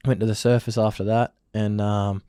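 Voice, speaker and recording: A man's voice: fairly low pitch, level tone, normal speed, warm tone, clear, resonant tone, no room sound, clean studio sound. A young Australian man telling a story in a casual interview, rambling with lots of filler words. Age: young adult. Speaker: interview guest, rugby league player.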